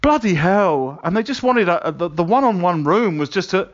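An exasperated man scolds his friend in a high, stammering voice. The sound is a little dull and muffled, fitting a comedy sketch. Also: expressive, moderate pace.

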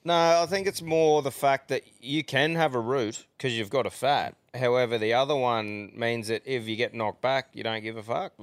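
A man's voice: medium pitch, steady tone, normal speed, hardly any pauses, clear, resonant tone, no room sound. A man hosts a casual podcast on a close, dry-sounding mic. He talks bluntly and swears a lot, breaking into rants and laughter. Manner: sweary, ranting, laughs often. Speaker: podcast host.

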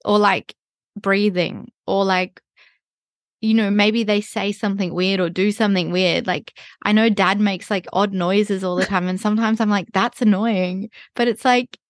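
Woman, mid-pitched voice, chatty podcast co-host, dry recording. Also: fairly even intonation, dry recording. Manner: chatty, quick to agree, frequent "like". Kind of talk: casual wellness chat.

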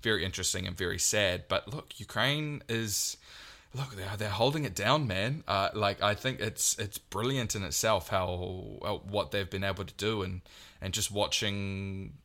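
A man's voice: fairly low pitch, normal speed, sharp tone. A young man co-hosting a podcast in casual chat, talking earnestly and rambling with many restarts. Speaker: podcast co-host.

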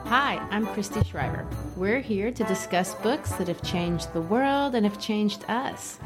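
A woman with a medium-pitched voice co-hosts a book podcast, speaking unhurriedly over background music. She keeps the discussion conversational, laughs easily, and asks her co-host questions.

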